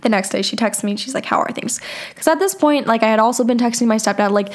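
A woman's voice: a little high, quick pace. A young woman hosting a podcast, telling a story in a candid, casual way, laughing often and swearing freely. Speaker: podcast host.

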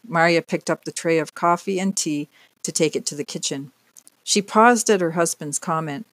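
An audiobook narrator with an even, clear delivery. The voice sits at a middle pitch. The recording is dry and close. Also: moderate pace, no room sound. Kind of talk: scripted narration.

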